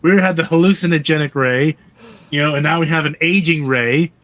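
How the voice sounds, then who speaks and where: This podcast co-host has a brisk, fairly bright voice that sits on the high side. Laughing and rambling through filler words, he gives a casual rundown of an old comic book and performs the characters' dialogue himself.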